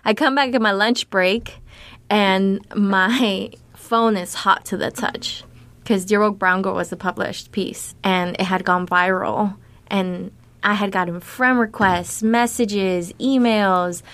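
A woman in her thirties, originally from Nicaragua, telling personal stories as an interview guest in a casual way, full of fillers and quick laughs. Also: medium pitch, fairly even intonation, fairly bright tone, no room sound. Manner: casual, frequent fillers, laughs between thoughts. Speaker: guest writer.

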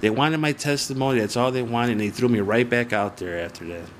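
A man's voice: medium pitch, a little fast, slight background noise. A man recounting events in an interview, plain-spoken and emphatic, swearing freely. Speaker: interviewee, former witness. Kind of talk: recorded interview.

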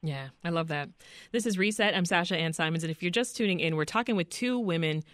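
A woman radio host leading an interview in a measured, attentive way. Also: on the low side, no echo, clean studio sound.

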